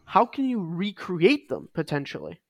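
A man's voice: high voice, wildly swooping pitch, normal speed, vocal fry, no echo. A man co-hosting a casual fitness podcast, talking with emphasis and repeating his key points. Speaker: podcast co-host.

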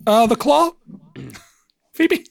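A man appearing as a guest on a comedy podcast, cracking teasing, deadpan jokes in casual chat. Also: extremely high pitch, drawn-out words, vocal fry, no room sound, studio quality.

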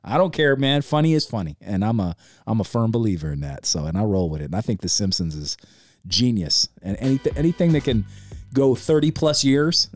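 A man's voice: fairly low pitch, animated, a little fast, no room sound, soft background music. A man in his forties hosting a podcast, chatting casually in a laid-back, rambling way, often calling the listener man or dude. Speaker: podcast host.

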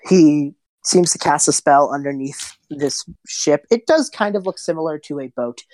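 A woman's voice: low-pitched, moderate pace, warm tone. A woman narrating a tabletop game as game master, casual and descriptive.

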